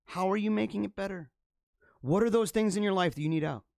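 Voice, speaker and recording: Male host, fervent preachy delivery with big loud-soft swings, somewhat high voice. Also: fast talker, gravelly, dry recording, studio quality. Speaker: host of a live religious show. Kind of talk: impassioned live-stream monologue.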